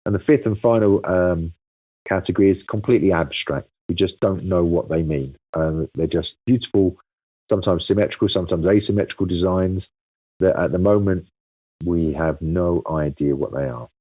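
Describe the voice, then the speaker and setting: Brief: male guest expert, low-pitched, lecturing and explanatory, dull dry recording. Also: normal speed, dry recording. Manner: explanatory, steady lecturing with frequent ums. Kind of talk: casual interview.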